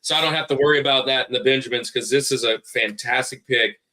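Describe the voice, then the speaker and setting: A man hosts a casual podcast, his voice bright and forward. He talks in quick, friendly bursts and greets listeners by name. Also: mid-range voice. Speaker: podcast host.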